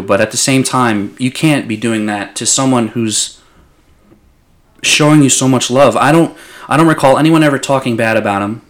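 A young man in casual sports talk as a podcast co-host, passionate and blunt, swearing freely. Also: mid-range voice.

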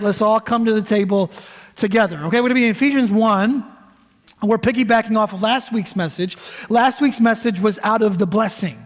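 A man's voice: sits high, a little fast. A man in his thirties preaching a sermon as a guest pastor, casual and joking with the congregation. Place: church sanctuary. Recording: long hall reverb.

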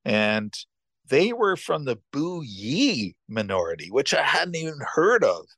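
A man's voice: mid-range voice, sing-song, slow pace, a bit bright, no room sound, clean studio sound. Older man telling stories. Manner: rambling, many restarts and asides. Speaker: podcast host. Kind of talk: casual storytelling.

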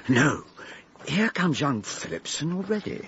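An actor playing an earnest young gentleman who narrates a vintage radio drama, deliberate and questioning. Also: a little high, big pitch swings, full character voice. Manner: slow, deliberate, puzzled questioning. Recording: dull old radio recording with faint hiss.

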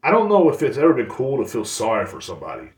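A man's voice: mid-range voice, huge pitch swings, quick pace, darkish tone. Guy ranting on his podcast, cussing a lot, rambly, sounds far from the mic in an echoey room. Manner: rambling, profane, repeats himself and restarts. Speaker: podcast host. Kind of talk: casual podcast rant. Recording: roomy sound, distant from mic.

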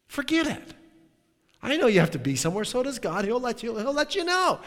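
A man preaching in a conversational, animated way, sometimes dropping to a hushed tone. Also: extremely high pitch, fast talker. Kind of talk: sermon. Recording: long hall reverb.

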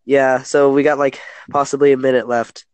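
A man's voice: mid-range voice, level tone, normal speed, clear, resonant tone, dry recording. A man from Kentucky with an American accent, chatting casually and rambling, often restarting his sentences. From Kentucky, USA. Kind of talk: casual chat.

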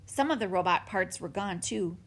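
A woman narrating a children's book in an expressive storytelling manner. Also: medium pitch, moderate pace, husky. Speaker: audiobook narrator.

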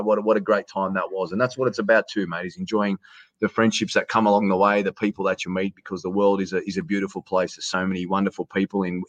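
This is an Australian man with a lowish voice, talking casually as a podcast guest. He rambles, repeats himself and keeps saying mate. The sound is close and dry. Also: fairly bright tone, no echo, dull audio. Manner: rambling, repeats words, says mate often. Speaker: stadium announcer, guest. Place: hotel quarantine room.

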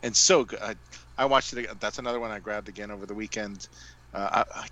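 A man co-hosting a relaxed movie chat, with a lowish voice that has a bright, forceful edge. He drifts from point to point and drops in joking asides as he goes. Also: fast talker, low-quality recording. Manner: meandering, jokey asides. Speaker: podcast co-host.

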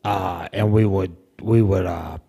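A man's voice: low voice, steady tone, a little slow, mellow, husky, dull audio. A man hosting a comedy podcast as a bumbling wrestler, rambling and stammering over his words. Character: boastful bumbling male wrestler host. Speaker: podcast host. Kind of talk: comedic in-character podcast chat.

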